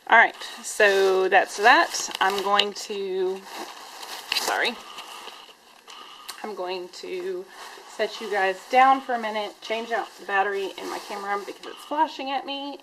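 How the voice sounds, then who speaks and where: A woman's voice: medium pitch, a bit bright, a little hiss or hum, rough recording. A woman teacher, chatting casually in a classroom vlog, rambling with lots of "um"s and "y'all"s, a little sniffly. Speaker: primary teacher vlogger.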